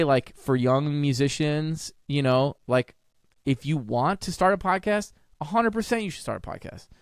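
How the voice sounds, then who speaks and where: A man chatting as a guest in an interview, enthusiastic, talking in quick bursts and jumping up in pitch on the words he stresses. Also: no room sound, studio quality. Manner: enthusiastic, jumps up in pitch on emphasis; talks in quick bursts with restarts. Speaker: podcast guest, jazz trumpeter and educator. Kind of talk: casual interview conversation.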